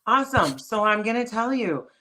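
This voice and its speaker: A chatty woman from northern Minnesota co-hosts a relaxed podcast. She tells her stories with frequent laughter. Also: a little high, normal speed. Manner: chatty storyteller, laughs often. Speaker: podcast co-host. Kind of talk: casual podcast chat.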